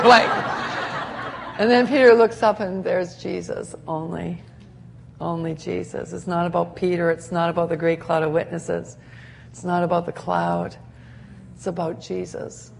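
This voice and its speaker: A woman preaching a sermon in an animated way, laughing often and acting out the scenes she describes. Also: fairly low pitch, measured pace, gravelly, slight background noise.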